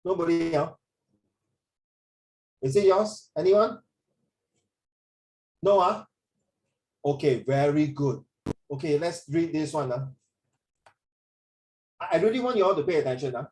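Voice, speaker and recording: A man's voice: a little high, animated, measured pace, long pauses, darkish tone, echoey room, recorded from a distance. A male teacher with a Singaporean accent, chatting through an online class in Singlish and bits of Mandarin.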